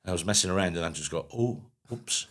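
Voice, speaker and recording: A middle-aged man with a low voice, co-hosting a podcast and telling crude, jokey stories with put-on quotes. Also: fairly even intonation, rapid-fire, fairly bright tone. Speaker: podcast co-host. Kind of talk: casual pub-style banter.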